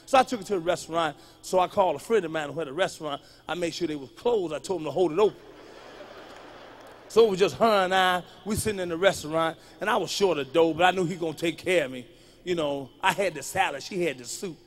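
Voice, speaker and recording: High-voiced guy doing stand-up, cussing a lot, goes from mumbling to yelling. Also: fast talker, slight background noise. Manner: loud, profane, punchy delivery that jumps between muttering and yelling. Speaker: stand-up comedian. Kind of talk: live stand-up storytelling.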